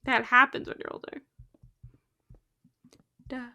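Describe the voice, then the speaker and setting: In a casual gaming live stream, a young woman speaks at normal speed in a fairly high, fairly bright voice. She's animated and talkative, often laughing at her own remarks.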